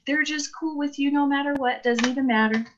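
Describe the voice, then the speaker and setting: A woman's voice: high-pitched, steady tone, brisk, background noise. Gushing woman on a lo-fi video call. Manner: gushing, rambling, laughs often. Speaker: guest. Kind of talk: casual chat.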